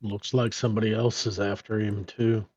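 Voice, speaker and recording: A man's voice: lowish voice, flat delivery, moderate pace, darkish tone, husky, dull audio. A man playing a tabletop role-playing game, hesitant, with many ums and uhs. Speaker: player. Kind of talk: casual tabletop game talk.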